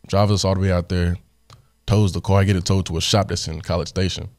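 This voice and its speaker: A young man hosting a podcast, telling a story in a casual, animated way, sarcastic and laughing often. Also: low voice, brisk, no echo, studio quality. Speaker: podcast host.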